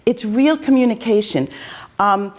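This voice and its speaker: A woman hosts a show and spins casual anecdotes in a chatty, self-deprecating way. Her voice sits a little higher than most women's. She talks with animated ease, like someone who loves to chat with strangers. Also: measured pace. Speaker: host; fencing coach.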